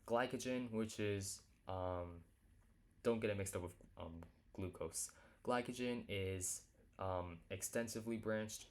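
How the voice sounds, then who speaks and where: A man teaching a lesson in a casual, halting way, full of fillers and self-corrections. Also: low-pitched. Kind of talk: casual lecture.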